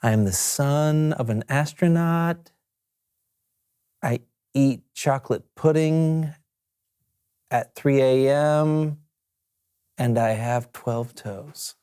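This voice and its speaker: A man's voice: mid-range voice, takes it slowly, pauses often, warm tone, smooth. Easygoing man in playful banter. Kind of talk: playful kids' show banter.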